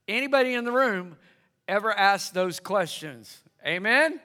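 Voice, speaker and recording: A man's voice: sits high, expressive, unhurried, pushed and bright. A man preaching a sermon, calling on the congregation to answer him. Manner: conversational, calls for congregation to respond. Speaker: pastor. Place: church hall with congregation. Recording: long hall reverb.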